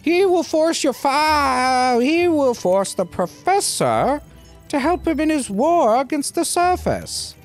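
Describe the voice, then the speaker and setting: A gamer voicing an elderly goblin councilor in slow, formal, grave speech with stray chuckles. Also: sits high, sing-song, soft background music, pitched above the performer's own voice, heavily acted. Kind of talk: reading game dialogue aloud in voices.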